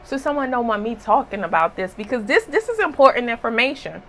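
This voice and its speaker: A woman's voice: a little high, very animated, brisk, a bit bright, a little hiss or hum. A woman giving a casual spiritual reading, talking bluntly and emphatically with a scolding tone. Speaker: spiritual reader.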